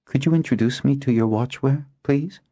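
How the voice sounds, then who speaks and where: A man's voice: medium pitch, normal speed, warm tone, pitched above the performer's own voice, close to an everyday voice. A man voicing a stubborn, determined young woman who speaks firmly and earnestly, in an audiobook. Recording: dull lo-fi audio.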